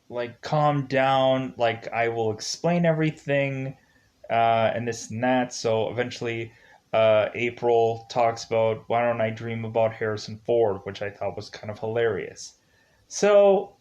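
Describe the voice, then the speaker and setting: Slow, rambling man reviewing a film. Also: medium pitch. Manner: rambling, leans on filler words and restarts. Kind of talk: casual spoken movie review, retelling the plot.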